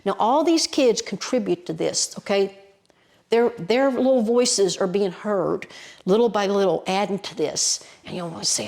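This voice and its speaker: A woman with an Appalachian accent, a guest storyteller, telling a story in a lively, folksy way with colloquial mountain phrasing. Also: medium pitch, measured pace. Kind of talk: animated oral storytelling.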